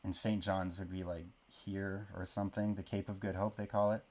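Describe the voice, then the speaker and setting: A man's voice: low-pitched, level tone, moderate pace, a little mellow. A man born in Canada and raised in Oklahoma, chatting casually and joking at his own expense while he draws a map. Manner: rambling, self-deprecating, jokey asides. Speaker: map-drawing video creator. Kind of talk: casual commentary while drawing.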